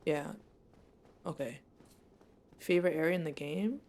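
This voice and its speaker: A young woman streaming a game live, reacting excitably and laughing often as she plays. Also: low voice, unhurried. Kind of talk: live gameplay commentary.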